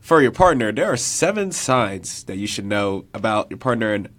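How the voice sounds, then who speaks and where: Give me a relaxed young man co-host with a fairly low voice. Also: moderate pace. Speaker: radio show co-host. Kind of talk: casual studio chat. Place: college radio studio.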